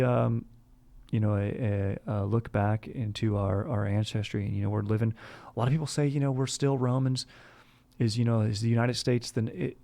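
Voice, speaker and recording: A man's voice: fairly low pitch, darkish tone. Rambling surfer-bro man saying dude. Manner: surfer-bro slang, says "dude" constantly; rambling, restarts and fillers. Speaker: podcast host. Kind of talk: comedic bro-character monologue.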